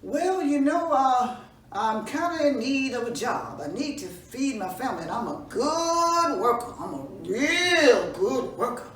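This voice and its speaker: A woman voicing a sly, hungry male rabbit trickster in a folk tale, with folksy drawn-out exclamations. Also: high voice, lively intonation, fairly bright tone. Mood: wheedling. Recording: roomy echo from a distance, faint room noise.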